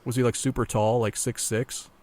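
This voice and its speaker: A man's voice: mid-range voice, flat delivery, normal speed, a little mellow, no echo. A man co-hosting a podcast in casual chat, laid-back and profane, often restarting his sentences. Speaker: podcast co-host.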